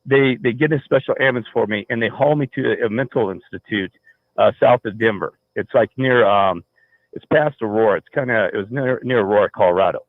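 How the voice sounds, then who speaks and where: A man calls into a talk show and rambles through a long personal story, full of restarts and fillers. His voice is on the low side and fairly quick, with no echo, over a tinny phone line.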